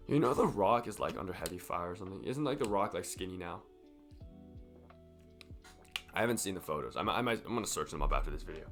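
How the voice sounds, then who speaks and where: A young man with a croaky, sick voice, rambling casually and profanely to camera in a fitness vlog. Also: deep voice, animated, very fast, fairly bright tone, faint music behind. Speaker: fitness vlogger.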